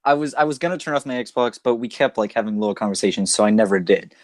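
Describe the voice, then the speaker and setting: A young man co-hosting a podcast, telling a funny story in an animated way and laughing often. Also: fairly low pitch, fast, dry recording, clean studio sound. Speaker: podcast co-host. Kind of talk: casual storytelling chat.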